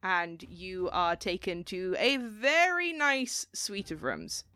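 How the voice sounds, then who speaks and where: A woman narrating a tabletop game as game master, in a casual, animated way, swearing freely. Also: mid-range voice, slow pace, clear, resonant tone, dry recording.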